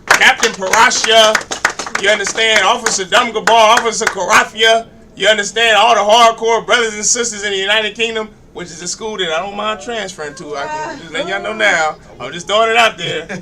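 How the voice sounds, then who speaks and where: Bright-voiced male class leader. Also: high-pitched, steady tone, brisk, a little hiss or hum. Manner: loose, joking asides with call-and-response. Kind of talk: sermon-style class address. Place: congregation hall.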